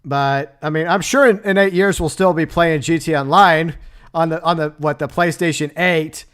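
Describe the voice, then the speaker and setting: A man hosting his own livestream talks casually with his chat, answering messages and laughing often. His voice sits a bit above the usual male range. It comes through smooth and clear. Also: fairly high pitch, fairly even intonation, moderate pace, a bit bright. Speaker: livestream host.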